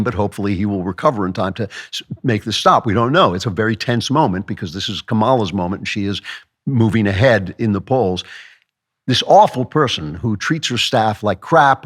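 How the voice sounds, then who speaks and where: Male political host, lower register, sarcastic monologue delivery. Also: fairly bright tone, slightly rough. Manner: sarcastic, emphatic, with mocking asides. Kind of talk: opinion monologue.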